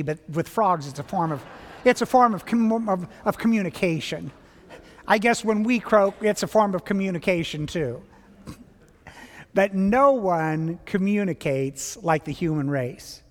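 High-voiced man teaching in a reverberant hall. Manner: wry, joking asides in a teaching flow. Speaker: Bible teacher. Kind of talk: sermon-style Bible teaching.

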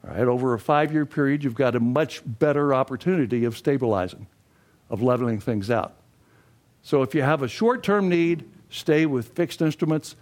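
Older man, folksy classroom instructor, mid-pitched voice, asks the room questions. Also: moderate pace, darkish tone. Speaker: financial education instructor. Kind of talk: classroom lecture.

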